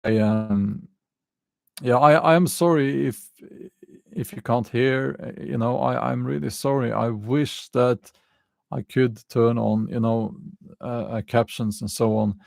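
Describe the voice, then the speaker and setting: A man with a non-native English accent, hosting a casual livestream and answering chat comments in a halting way, with many fillers and frequent chuckles. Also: mid-range voice, vocal fry, a little mellow, dry recording. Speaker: channel host answering live chat.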